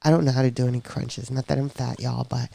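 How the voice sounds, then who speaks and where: Woman chatting on a podcast, bit gravelly, acts out everybody's lines as she goes. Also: rumbling low, fast, a little hiss or hum. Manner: lively, acts out quoted voices. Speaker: podcast guest sharing her story. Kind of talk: casual personal storytelling.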